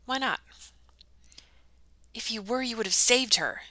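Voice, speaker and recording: A curious young storybook girl, her rapid-fire questions tumbling out in a raised, bright voice, as a woman reads her aloud. The tone stays sharp and forward. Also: on the high side, no echo, pitched above the performer's own voice. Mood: upset.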